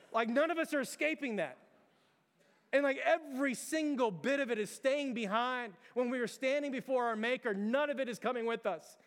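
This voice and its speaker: A high-voiced man delivers a sermon, talking casually with lots of fillers and firing rhetorical questions at the congregation. His voice rings out with a long reverb, as in a large hall. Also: fairly bright tone. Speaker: pastor.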